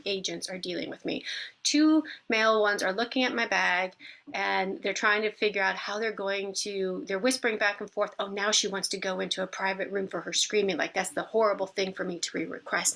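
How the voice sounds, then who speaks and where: A middle-aged woman casually recounting a personal story, animated and acting out the people she quotes. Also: medium pitch, creaky. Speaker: vlogger telling a personal story.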